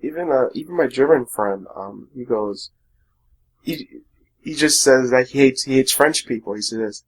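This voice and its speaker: Full of fillers and opinions, this podcast co-host rambles through a casual chat at normal speed in a mid-range voice. The recording quality is low.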